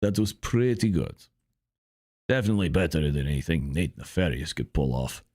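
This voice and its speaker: A man's voice: rumbling low, normal speed, darkish tone, slightly rough, dry recording, clean studio sound, pitched below the performer's own voice, full character voice. A man voicing a boastful male Russian bear mercenary in broken English with a put-on Russian accent, talking about himself in the third person during a gaming session. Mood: smug. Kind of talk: gaming commentary skit.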